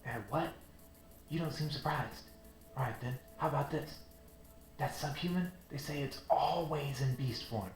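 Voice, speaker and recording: A man's voice: fairly high pitch, pitched above the performer's own voice, close to an everyday voice. A man doing a sly gossiping soldier with a put-on twang. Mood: gossipy. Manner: conspiratorial, drawn-out teasing. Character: gossiping male soldier, sly, rumor-monger. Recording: roomy with game music.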